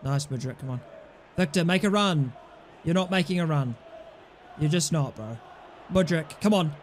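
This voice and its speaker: A man's voice: on the high side, expressive, normal speed, some chatter behind, slight background noise. A young man playing a football video game and commentating, frustrated and swearing at his players. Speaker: gaming YouTuber.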